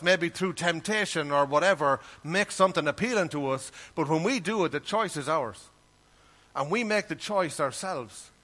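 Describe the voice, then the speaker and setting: Speaking in a slightly high voice with a fairly bright tone, this preacher delivers his sermon in an earnest, conversational way. He also reads passages of scripture aloud in King James language.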